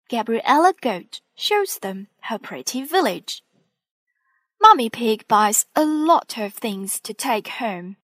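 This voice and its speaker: Woman storybook narrator, expressive, unhurried, lively rise and fall. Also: fairly high pitch, no echo. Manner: expressive and clear. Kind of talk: children's storybook reading.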